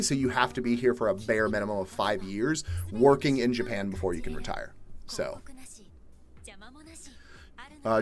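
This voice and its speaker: A young man from Atlanta, Georgia, chatting casually on a live stream, reading viewer questions and answering in a laid-back way, with the odd swear word and loud exasperated outbursts. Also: medium pitch. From Atlanta, Georgia, USA. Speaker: livestream host. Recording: faint music behind.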